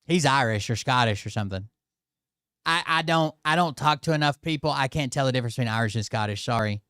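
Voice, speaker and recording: A man's voice: medium pitch, fast talker, fairly bright tone, clear, resonant tone, dry recording, studio quality. A man hosting, giving casual offhand reactions to videos, often muttering and trailing off. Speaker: host.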